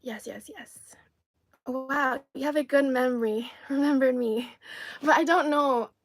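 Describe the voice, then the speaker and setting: A woman's voice: sits high, a little slow, dry recording. A woman from China whose first language is Cantonese, hosting a casual livestream and chatting through a snack taste test while answering viewers' comments. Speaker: livestream host.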